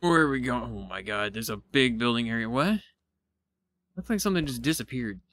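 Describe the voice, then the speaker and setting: A man giving casual let's-play commentary, excitable and thinking aloud as he explores, now and then poking fun at himself. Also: mid-range voice, brisk. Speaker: gaming YouTuber.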